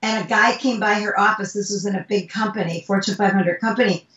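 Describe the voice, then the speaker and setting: A woman's voice: medium pitch, brisk. A woman who works as a speaking coach, chatting in an interview and acting out bits of dialogue as she tells stories. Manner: animated storytelling, acts out dialogue. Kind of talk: casual interview chat. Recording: roomy, distant, dull sound.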